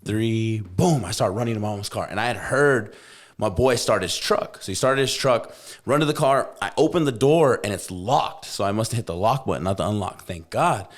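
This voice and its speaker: A young man hosting a podcast, telling a story in casual chat, animated and swearing freely, acting out the voices he quotes. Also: lowish voice, moderate pace. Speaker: podcast host.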